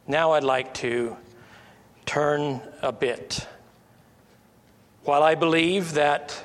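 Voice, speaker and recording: An American man giving an informal teaching talk on faith, halting and full of restarts, rising in pitch when he presses a point. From United States. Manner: halting, many restarts and fillers, rises when stressing a point. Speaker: Christian speaker. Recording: long echoey reverb.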